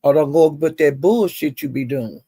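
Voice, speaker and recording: A man's voice: fairly high pitch, moderate pace, slightly rough, no echo. A man vlogging, telling gossip in a chatty way and calling listeners honey and child. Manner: animated retelling, mimics others' quotes. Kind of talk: gossipy storytelling.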